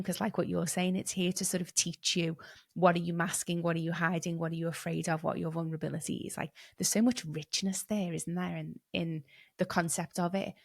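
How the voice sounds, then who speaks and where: Woman podcast host, lowish voice, dry close mic, probing questions. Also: gravelly, no room sound. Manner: thoughtful, musing questions, rises when asking. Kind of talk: conversational interview questions.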